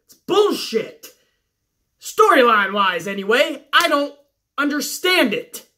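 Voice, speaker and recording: A woman tears into last night's wrestling show in a profane recap rant. Her voice sits high and sounds bright and sharp. She keeps an exasperated, sarcastic edge and swears often. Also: big pitch swings, slow.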